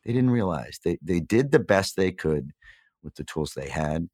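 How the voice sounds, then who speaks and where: Low-voiced, lively man in a candid interview. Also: normal speed, slightly rough, no echo, studio quality. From New York, USA. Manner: earnest, reflective storytelling with animated emphasis. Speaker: podcast guest.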